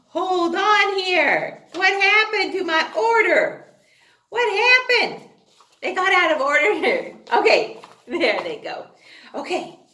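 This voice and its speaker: A woman's voice: high-pitched, pushed and bright, roomy sound. A woman teacher giving a phonics lesson to young children in an exaggerated sing-song voice, prompting, gasping and singing the letter sounds.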